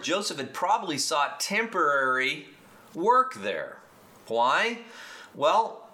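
Bright-voiced Texan pastor preaching. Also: male voice, on the high side. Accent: Texas. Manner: animated, emphatic teaching with restarts and asides. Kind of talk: sermon.

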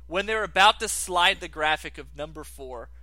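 Male sports-talk co-host, slightly high and bright, builds arguments methodically. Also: animated, moderate pace, no echo. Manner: argumentative, lays out cases step by step. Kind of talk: casual sports debate.

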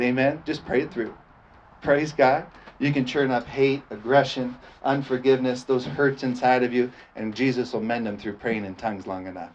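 Man preaching, asking "amen?" constantly. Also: medium pitch. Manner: repeats "amen?" as call for response, laughs often. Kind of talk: sermon. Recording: dull lo-fi sound with faint noise.

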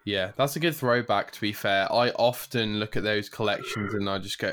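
A man co-hosts a podcast, keeping the casual chat upbeat and chatty and saying "mate" often. His voice sits on the low side, with fairly even intonation, a moderate pace, and a fairly bright tone.

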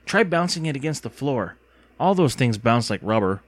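A man reading aloud and voicing an excitable, pushy young girl in a storybook. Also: mid-range voice, moderate pace. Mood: impatient.

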